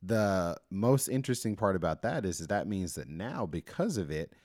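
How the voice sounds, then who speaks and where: A man's voice: low voice, very animated, moderate pace, a little mellow, dry recording, studio quality. A man co-hosting a podcast in casual, chatty talk, laughing often. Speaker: podcast co-host. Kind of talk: casual chat.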